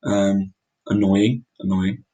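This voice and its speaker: A man's voice: fairly low pitch, level tone, takes it slowly, dark tone, slightly rough, poor audio. A young man muttering his way through a geography guessing game, exclaiming and mocking his own mistakes. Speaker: gaming video creator. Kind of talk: casual gameplay commentary.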